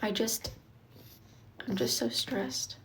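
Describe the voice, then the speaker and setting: A woman's voice: medium pitch, big pitch swings, slow. A young woman streaming live, chatting casually and venting, swearing freely and answering viewer comments.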